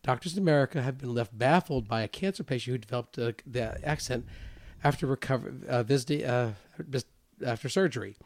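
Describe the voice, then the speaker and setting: Halting man, full of fillers. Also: medium pitch. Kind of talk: casual podcast chat.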